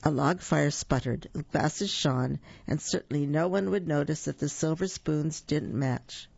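Gravelly storyteller reading to children. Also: mid-range voice, unhurried, highs cut off. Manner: warm asides to young listeners.

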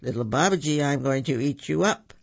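A man voicing a boastful, hungry male tiger in a storybook reading, speaking slowly and self-satisfied, with a husky, gravelly voice on a dull recording. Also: mid-range voice, animated. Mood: menacing, smug.

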